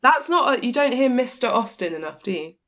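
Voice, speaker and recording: A woman's voice: on the high side, very animated, fairly quick, a bit bright. A woman in her late twenties co-hosting a podcast in casual, rambling chat with lots of restarts. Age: late 20s. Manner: enthusiastic, rambling, many restarts. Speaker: podcast co-host.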